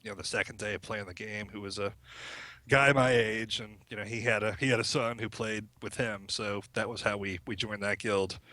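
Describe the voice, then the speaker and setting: Bright-voiced man telling a laughing story. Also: fairly low pitch, fairly even intonation, a little fast, dry recording. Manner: chatty, laughs often while telling stories. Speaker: podcast guest. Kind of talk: casual storytelling chat.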